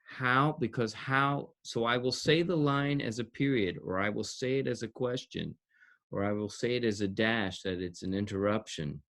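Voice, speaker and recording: A man's voice: mid-range voice, moderate pace, fairly bright tone. A man who coaches actors and directs, explaining his teaching in an interview with emphasis, repeating key words and laughing between points.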